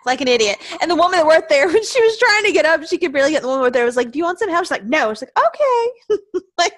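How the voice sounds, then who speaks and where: A woman with a somewhat high voice chats bluntly and laughs through her story. The recording is dry and close. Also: lively intonation, rapid-fire, no room sound. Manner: blunt, laughs while telling stories. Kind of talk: casual chat.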